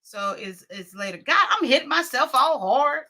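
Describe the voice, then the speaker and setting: A woman's voice: high-pitched, lively intonation, moderate pace, bright, forceful tone. A woman hosting a casual livestream, chatting with viewers and laughing often. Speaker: livestream host.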